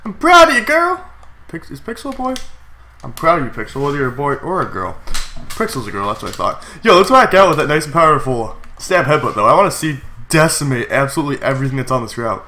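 A young man with a stuffy, congested cold voice gives chatty, excitable commentary while playing a game, with sudden yelps. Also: medium pitch, fast. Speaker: gaming YouTuber. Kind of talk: casual Let's Play commentary.

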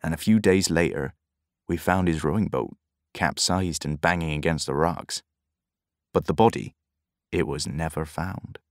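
A man voicing a tired old grey-haired fisherman who speaks in a slow, soft mutter, in an audiobook. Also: very deep voice, no echo, clean studio sound. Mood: weary.

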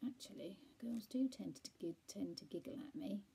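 A woman's voice: mid-range voice, moderate pace, creaky, dark tone, husky. A woman voicing a fat, greedy male house cat who sounds meek and plaintive, in a storybook reading.

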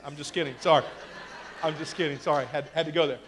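A pastor in his thirties delivers a sermon from the pulpit in a fairly high, light voice. He is folksy and quick to joke at his own expense. His delivery swings from quiet, confiding asides to shouted exhortation. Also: steady tone, a little hiss or hum. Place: church sanctuary.

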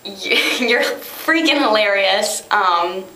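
A young woman with a middle-pitched voice gushes through an excited birthday message, owning that she is awkward. The room around her sounds echoey and hollow. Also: slow pace, slight background noise. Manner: gushing, excitable, self-consciously awkward. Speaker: friend sending a birthday message. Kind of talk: casual to-camera birthday message.

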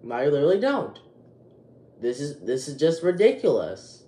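A twelve-year-old boy hosts a casual YouTube vlog, agitated and rambling, restarting his sentences again and again. His voice, labeled as a man's, is fairly high and mellow with wildly swooping pitch at normal speed, in an echoey room.

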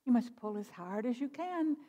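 A woman minister voicing a clever, polite male trickster rabbit in a storybook reading, her voice higher than usual. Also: animated, normal speed, warm tone. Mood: eager. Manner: polite, sly. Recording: long reverb of a church hall.

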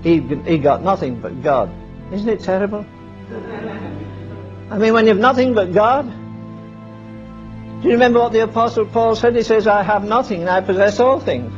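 A man's voice: high-pitched, moderate pace, pauses often. A man preaching a sermon, firing rhetorical questions at the congregation and acting out Bible scenes in dialogue. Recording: dull lo-fi sermon recording with faint music.

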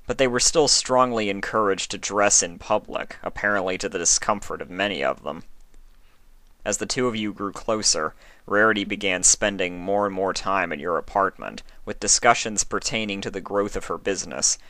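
Casting: a low-voiced male narrator with a bright, forceful tone, reading calmly. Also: no echo. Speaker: story reader. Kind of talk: audiobook narration.

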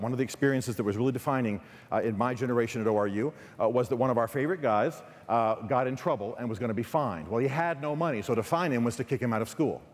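A man with a Texan accent giving a chapel sermon, telling stories with quick asides and restarts. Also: medium pitch. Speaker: guest speaker. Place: large hall. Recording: long hall reverb.

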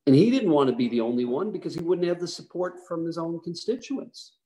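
A man, a rabbi, giving a history lecture with animated storytelling, emphatic and asking the audience questions. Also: on the high side, brisk, low-quality recording.

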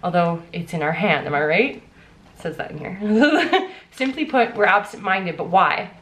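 A young adult woman vlogging as an author, gushing and breathless with excitement as she talks and reads aloud. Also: fairly low pitch, a little slow. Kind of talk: excited vlog unboxing and reading aloud.

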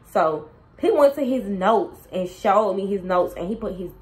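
A young woman casually telling a storytime to her viewers, animated and slangy, talking straight to them. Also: mid-range voice, measured pace, poor audio. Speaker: storytime vlogger.

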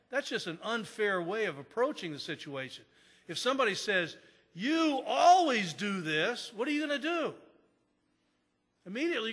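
A pastor preaching a sermon in an earnest manner, repeating key phrases for emphasis. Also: male voice, high voice, sharp tone, slightly rough. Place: church sanctuary. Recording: long church reverb.

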